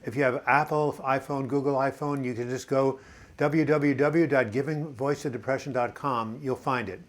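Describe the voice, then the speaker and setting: A man's voice: medium pitch, fairly even intonation, normal speed. A man in a mid-range voice hosts a casual live video chat, chatty and rambling as he reads out viewers' comments. He answers them in an encouraging way and speaks to his viewers directly. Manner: encouraging, addresses viewers as boys and girls.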